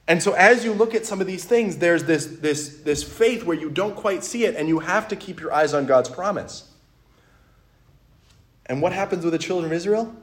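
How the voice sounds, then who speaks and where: A man in the middle of a sermon, talking the way he would to friends across a table. His voice sits a little higher than most men's and keeps climbing and dropping as he tells his stories. He breaks into little acted-out bits of dialogue along the way. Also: moderate pace. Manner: conversational, animated storytelling with acted-out quotes. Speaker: preacher.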